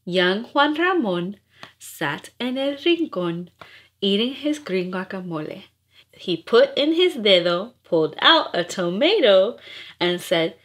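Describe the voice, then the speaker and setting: A woman's voice: mid-range voice, fairly bright tone. A woman reading nursery rhymes aloud in a playful, rhythmic, sing-song way. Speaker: storyteller.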